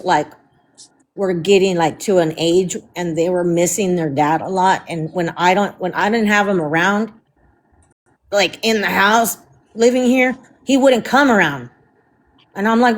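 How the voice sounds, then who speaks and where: A woman's voice: mid-range voice, normal speed. A woman venting emotionally and profanely in a casual live stream chat.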